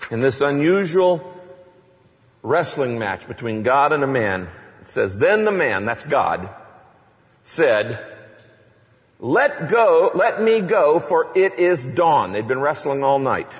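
A male pastor preaching a sermon, animated, acting out passionate prayers to his congregation. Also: medium pitch, big-room sound.

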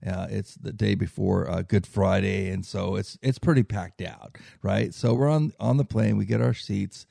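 A man's voice: lowish voice, moderate pace, creaky, warm tone, no room sound, clean studio sound. A man telling a long personal travel story in casual chat, rambling with many fillers and tag questions. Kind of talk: casual anecdote.

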